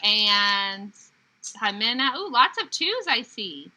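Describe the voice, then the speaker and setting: A woman teacher on a video call, slowly and clearly modeling words for young students to repeat and praising them. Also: medium pitch, very animated, sharp tone, poor audio. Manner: encouraging praise. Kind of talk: online reading lesson with young students.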